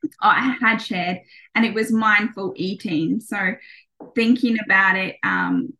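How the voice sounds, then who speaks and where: A woman's voice: mid-range voice, expressive, a little slow, bright, forceful tone, slight background noise. A woman in her thirties, a podcast guest, talking casually with many ums and restarts.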